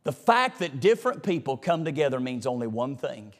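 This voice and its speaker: A man preaching a sermon to his church, folksy and conversational, swinging between loud emphatic lines and hushed asides. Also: medium pitch, big pitch swings, fairly quick. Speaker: pastor. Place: church sanctuary.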